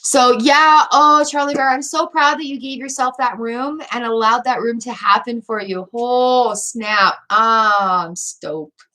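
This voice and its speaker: Woman tarot reader, slightly higher voice, gushing and teary, addresses viewers directly over a webcam mic. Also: unhurried, few pauses, pushed and bright. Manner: gushing, emotional, talks straight to viewers. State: teary, weepy. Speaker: tarot reader hosting a livestream. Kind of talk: live tarot reading chat.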